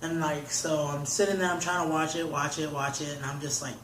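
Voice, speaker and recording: A man's voice: fairly high pitch, level tone, brisk, hardly any pauses, noisy background. A young man, an interview guest, telling a long story in casual talk, rambling and filling his sentences with "like". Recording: roomy echo.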